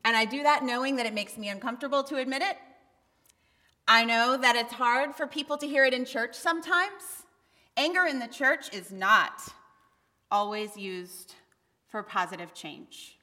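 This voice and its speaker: A woman delivers a sermon in a frank, conversational way, now and then pushing hard for emphasis. Her voice is bright and forward. It rings with the long reverb of a church hall. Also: fairly high pitch. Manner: candid, conversational preaching with bursts of emphasis. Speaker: pastor. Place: church sanctuary.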